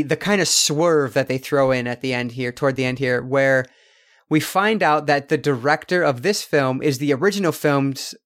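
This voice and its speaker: A man co-hosting a casual film review podcast, talking in a rambling way with many fillers and restarts. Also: a little high. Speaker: podcast co-host.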